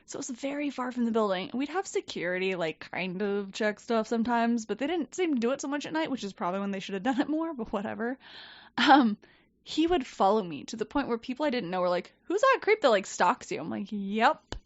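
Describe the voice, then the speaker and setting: A woman telling a story in casual chat, animated and swearing, acting out quoted people. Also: a little high, a little fast, no echo. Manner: animated, profane, quotes people in lively voices. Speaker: podcast guest. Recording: dull, dry podcast mic.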